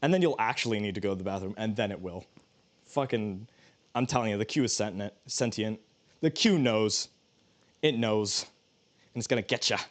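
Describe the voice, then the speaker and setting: A man's voice: fairly low pitch, brisk, long pauses. Rambling, joking male streamer. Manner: rambling, joking, many restarts. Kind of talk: casual livestream cooking chat.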